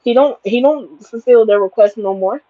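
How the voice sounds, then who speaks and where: A woman's voice: on the high side, moderate pace, dry recording. Woman tarot reader, preachy and emphatic, on a livestream; dry, muffled lo-fi audio. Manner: emphatic, preachy, plain-spoken. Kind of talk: spiritual livestream reading.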